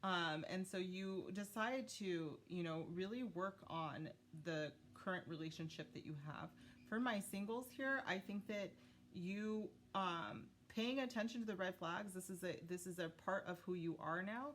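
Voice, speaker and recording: A woman giving a casual tarot reading to her viewers, chatty with lots of fillers, pausing to thank her spirit guides. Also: fairly low pitch, a bit bright, a little hiss or hum. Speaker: tarot reader.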